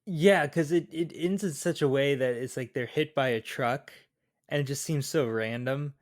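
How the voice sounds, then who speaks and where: A man co-hosting a podcast, chatting casually about a film in a relaxed, slightly halting way. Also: medium pitch, no echo, studio quality. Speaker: podcast co-host.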